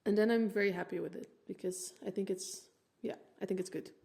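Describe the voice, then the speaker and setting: A woman's voice: mid-range voice, steady tone, fairly quick, gravelly, mellow, slightly rough. A young woman from the Netherlands, a native Dutch speaker, chatting casually about her portrait painting in a studio vlog, with lots of fillers and laughter, a bit out of breath.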